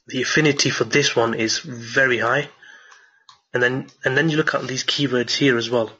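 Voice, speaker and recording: An excited man talking viewers through a marketing tutorial late at night, repeating words and restarting sentences as he goes. His voice is bright and a little husky. The recording sounds dull and lo-fi. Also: mid-range voice, moderate pace. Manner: enthusiastic, repeats himself, many restarts. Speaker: online marketing teacher. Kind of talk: screen-share tutorial with viewer Q&A.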